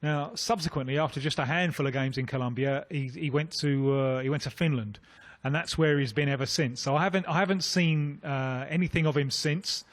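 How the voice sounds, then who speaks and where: A man's voice: on the high side, fairly quick. A man giving informed football punditry on a radio phone-in, in an assured, explanatory manner.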